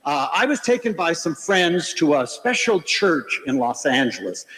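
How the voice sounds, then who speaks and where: An older man speaks to an audience from a lecture stage, his voice fairly high for a man and swinging widely in pitch as he tells his stories. He mixes warmth of purpose with playful jokes, and a long hall reverb trails behind every phrase. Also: moderate pace. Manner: animated storytelling with playful asides. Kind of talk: humorous inspirational lecture.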